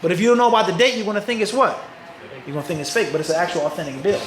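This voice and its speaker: Speaking very fast in a high, fairly bright voice, a Philadelphia Islamic teacher with an American accent lectures a live audience. He habitually asks rhetorical questions and answers them on his own. The rough recording is reverberant, with slight background noise.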